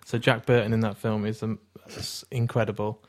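A man's voice: fairly low pitch, little pitch movement, normal speed, a little mellow. A man co-hosting a podcast, talking passionately about his favourite actors and telling anecdotes. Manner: passionate, storytelling. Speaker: podcast co-host. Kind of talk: casual film chat.

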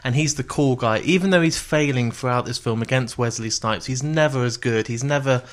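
A man co-hosting a podcast, jokey and quick to laugh as he rants. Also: medium pitch. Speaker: podcast co-host. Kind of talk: casual chat.

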